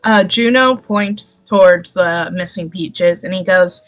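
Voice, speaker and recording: Lowish-voiced woman player, dry sound. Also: slow, no echo, soft background music. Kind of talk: tabletop game play.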